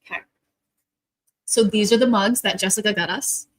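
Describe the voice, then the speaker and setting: A woman's voice: medium pitch, normal speed, rough recording. Woman co-host rambling on a livestream, messing with the tech. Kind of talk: casual livestream chat.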